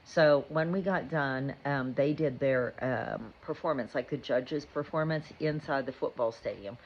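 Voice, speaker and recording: A woman's voice: very deep voice, a little slow, dull audio, slight background noise. A woman, a mother, telling a rambling, chatty story about her day in a casual vlog. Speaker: mother and vlogger. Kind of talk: casual chat.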